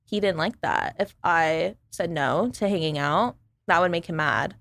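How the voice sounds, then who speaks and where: A woman guest tells her dating story in a casual, animated way and acts out the lines of the people in it. Her voice is a bit low with a gravelly fry, and the recording is dry and close. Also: measured pace, no room sound. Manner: animated, quotes others, lots of "like".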